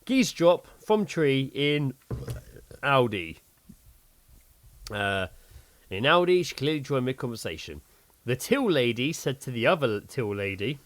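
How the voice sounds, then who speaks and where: A man's voice: mid-range voice, a little slow, long pauses. A man co-hosting a podcast in casual chat, tired and laughing often. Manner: animated, laughing, self-mocking. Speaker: podcast co-host.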